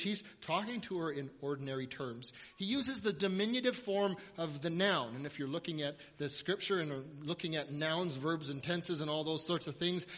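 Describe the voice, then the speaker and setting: A male pastor preaching a sermon, telling the story with animated, building emphasis. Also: a little high, roomy sound, in a large hall.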